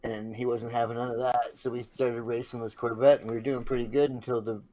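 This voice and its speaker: A man's voice: mid-range voice, level tone, fairly quick, mellow. A man in his fifties telling a funny road-trip story in casual chat, swearing and laughing along the way. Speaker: streamer telling stories.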